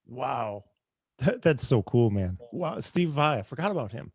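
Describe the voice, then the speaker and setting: A man hosting a casual interview, enthusiastic and quick to admire his guest. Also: medium pitch, lively intonation, darkish tone, slightly rough. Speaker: host, interviewer.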